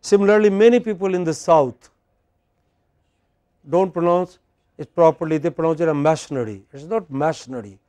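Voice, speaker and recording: A man's voice: high voice, moderate pace, long pauses, darkish tone, clean tone, no room sound. A middle-aged man with an Indian English accent, giving a classroom lecture on pronunciation and quizzing students as he drills words.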